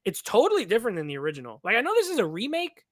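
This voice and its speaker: A man's voice: sits high, wildly swooping pitch, racing, a bit bright, no echo, studio quality. A man co-hosting a casual movie review chat over a video call, rambling and filling his talk with "like.". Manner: rambling, heavy use of "like". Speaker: podcast co-host.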